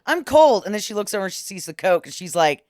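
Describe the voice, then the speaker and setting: A co-host pokes sarcastic fun at a film's characters in a casual chat. The voice sits at a middle pitch, and the sound is dry and close. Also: very fast, no room sound. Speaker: podcast co-host. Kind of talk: casual comedic movie review chat.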